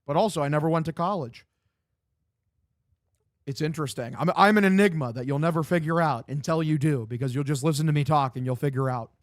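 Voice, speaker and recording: A man's voice: fairly high pitch, brisk, no room sound. Young man on a live stream, dry close mic. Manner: loose, profane, reads chat aloud and answers. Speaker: streamer doing live play-by-play. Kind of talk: casual stream chat with play-by-play commentary. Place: home room.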